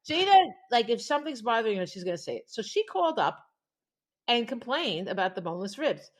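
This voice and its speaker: Brisk and fairly high-pitched, a female podcast co-host spins stories during a casual conversation, laughing frequently and acting out what others said.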